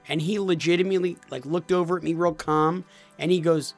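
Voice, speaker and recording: A man's voice: on the high side, steady tone, a little fast, soft background music. A man, co-hosting a casual chat and telling jokey, self-deprecating stories about his son. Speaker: podcast co-host, father.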